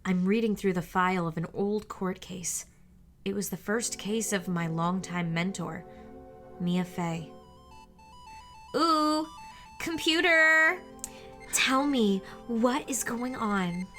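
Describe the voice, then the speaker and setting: Phoenix Wright, read by a woman bright and eager. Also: mid-range voice, animated, slow, pauses often, soft background music. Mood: curious. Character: young male defense attorney. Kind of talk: reading game dialogue aloud.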